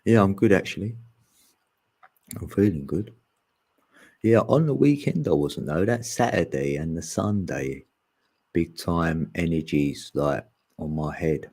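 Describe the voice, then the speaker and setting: A low, gravelly male voice drifts through a relaxed spiritual chat, full of slang and easy laughter. The tone is dark and a little husky, and he acts out little quoted voices as he talks. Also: measured pace, pauses often. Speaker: podcast host.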